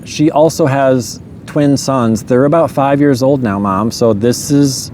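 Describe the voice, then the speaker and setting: A man's voice: mid-range voice, measured pace, darkish tone, a little hiss or hum. A man telling a personal story in a loose, rambling way, often saying "you know" and chuckling.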